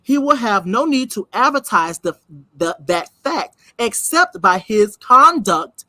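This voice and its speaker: A woman's voice: fairly high pitch, sing-song, unhurried, sharp tone, no room sound. A woman hosting a commentary vlog, reading a text aloud and breaking off to react in an emphatic, conversational way that repeats key words and speaks straight to viewers. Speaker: host of a reaction channel.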